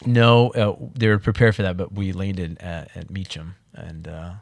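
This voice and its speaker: A man tells a story as a guest on a podcast, and he sounds lively. His voice sits low. The sound is dry and close to the mic. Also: normal speed, creaky, dry recording. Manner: animated, acts out the voices of other people. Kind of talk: storytelling in casual conversation.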